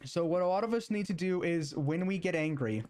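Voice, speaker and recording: A man streaming, talking casually and then reading scripture aloud in a halting way, with many filler sounds and restarts. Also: sits high, darkish tone, a little hiss or hum.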